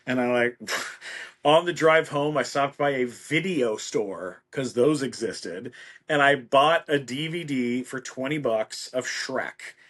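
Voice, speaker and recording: Man, middle-aged guest, mid-pitched; animated storyteller who acts out everyone he quotes. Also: takes it slowly. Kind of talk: casual anecdote.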